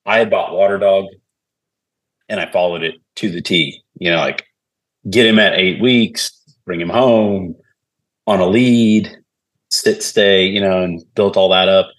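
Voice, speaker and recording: A man's voice: sits low, unhurried. A man, a podcast guest, telling stories in a casual chat and acting out the voices of people he quotes. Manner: animated, acts out quoted voices.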